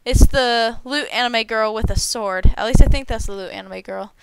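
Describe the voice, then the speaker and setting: A woman's voice: a little high, normal speed, gravelly, noisy background. Bubbly young woman gushing over an unboxing. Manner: bubbly and excitable, gushing with stumbling repeats. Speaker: unboxing channel host. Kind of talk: casual unboxing chat.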